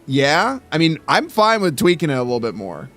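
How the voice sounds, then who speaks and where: A man's voice: a little high, very animated, brisk, fairly bright tone, soft background music. A man chatting casually on his livestream, stammering through restarts and swearing as he talks. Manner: thinks aloud while adjusting his mic sound. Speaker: streamer.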